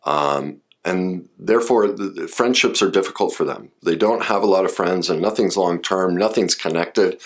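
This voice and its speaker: Low-voiced man explaining casually. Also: moderate pace, few pauses. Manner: conversational, personal asides, frequent fillers and restarts. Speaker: relationship and trauma speaker. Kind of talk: casual explanatory talk to camera.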